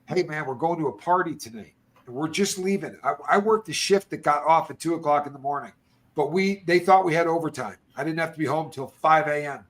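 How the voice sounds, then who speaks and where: This podcast guest, a middle-aged man, has a slightly high voice and talks a little fast. He tells prison stories in a casual chat as an animated storyteller, acting out other people's lines along the way.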